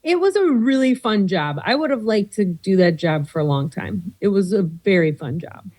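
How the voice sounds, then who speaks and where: A woman comedian chatting on a podcast, telling animated stories and slipping into quoted voices. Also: medium pitch, normal speed, rough recording. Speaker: comedian guest. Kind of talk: casual podcast chat.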